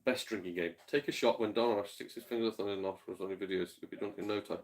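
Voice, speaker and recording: Brief: Yorkshire man, gaming stream host, lowish voice, laid-back and sweary. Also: fairly even intonation, quick pace. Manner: chatty, swears freely, laughs often. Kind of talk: casual livestream chat reading viewer comments.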